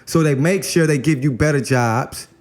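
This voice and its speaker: Rambling man with a slangy, high voice. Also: moderate pace. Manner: rambling, slangy, repeats words when starting. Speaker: spiritual guest speaker. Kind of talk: casual spiritual talk.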